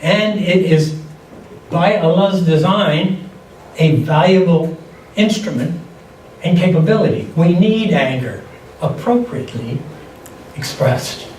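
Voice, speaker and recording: A man's voice: on the high side, slow, pauses often, a little mellow. Older man lecturing in an echoey hall. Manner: conversational, anecdotal teaching with frequent restarts. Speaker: seminar speaker. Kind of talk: lecture on holistic health. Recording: echoey hall, distant mic, faint noise.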